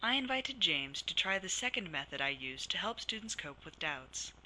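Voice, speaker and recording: Woman counselor, scripted teaching narration, very bright tone, lively pitch. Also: a little hiss or hum, low-quality recording. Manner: measured, reads scripted case examples.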